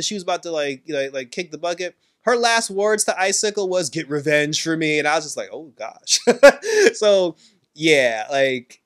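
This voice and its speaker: A man casually recapping a TV episode in a rambling, animated way, breaking into laughs as he retells scenes. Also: fairly high pitch. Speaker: show reviewer.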